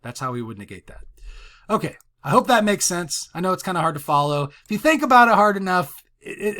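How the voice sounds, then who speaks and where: Guy explaining logic to his class, kinda high pitched, voice bounces up and down a lot, keeps saying right?. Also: a bit bright. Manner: conversational, frequent "right?" check-ins, everyday examples. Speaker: math instructor. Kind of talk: recorded lecture with writing tablet.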